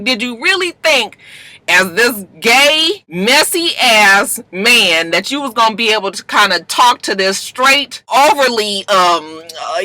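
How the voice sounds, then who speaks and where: Sassy recap vlogger, loud cursing asides, real bright piercing voice, super dry no room. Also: medium pitch, no room sound. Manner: animated and profane, with sassy asides. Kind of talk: casual episode recap.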